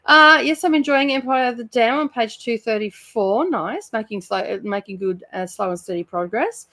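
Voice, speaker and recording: A woman's voice: fairly high pitch, lively intonation, normal speed, bright, forceful tone. A woman from Australia with an Australian accent, chatting casually on her home livestream, greeting viewers and laughing often while sounding a little tired. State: sluggish and tired. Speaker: channel host running a reading sprint livestream. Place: home room by her bookshelves.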